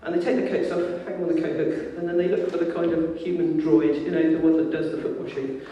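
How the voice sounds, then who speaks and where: A man preaching a sermon in lively, informal storytelling, acting out the voices of the people in the story. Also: on the high side, quick pace, dull audio. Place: church. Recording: echoey hall from far off.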